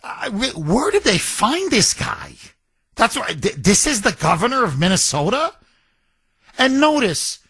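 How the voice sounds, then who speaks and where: A man's voice: high-pitched, huge pitch swings, measured pace, gravelly, bright, forceful tone, breathy edge, no echo. A middle-aged man hosting a talk radio show, ranting in a combative, sarcastic way. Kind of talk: opinionated talk radio monologue.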